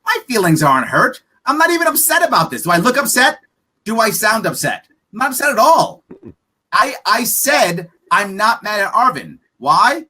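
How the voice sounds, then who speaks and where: Animated, blunt man on a podcast. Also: very high-pitched, slightly rough. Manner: emphatic and blunt, rapid rhetorical questions; profane, frank. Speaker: political candidate guest. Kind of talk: podcast interview.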